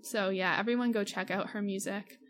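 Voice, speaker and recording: A woman's voice: medium pitch, fairly even intonation, a little fast. A young woman co-hosting a casual podcast, talking in a gushing, enthusiastic way with lots of fillers. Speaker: podcast co-host. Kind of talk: casual chat.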